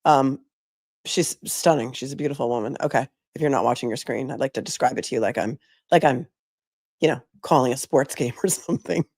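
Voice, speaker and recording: A woman's voice: very deep voice, a little fast, husky, no echo. Woman, attorney host, sick-sounding voice, chatty commentary, dry close sound. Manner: chatty, opinionated, animated. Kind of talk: live commentary on court video.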